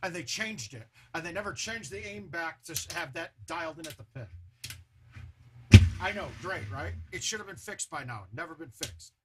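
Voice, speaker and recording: A man's voice: a little high, animated, moderate pace, noisy background. A man chatting casually on a home live stream, loose and talkative, with a sore throat.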